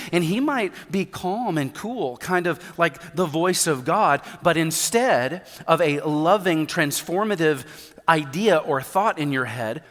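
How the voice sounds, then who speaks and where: Man preaching a sermon, emphatic, repeats points, bit high voice, long church reverb. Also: fairly bright tone. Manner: emphatic, repeats key points, light humor. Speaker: pastor. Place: church sanctuary.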